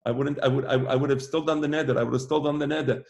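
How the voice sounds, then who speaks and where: A man's voice: medium pitch, steady tone, racing, vocal fry, darkish tone, natural voice. A man doing a stubborn pleading visitor. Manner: pleading, insistent.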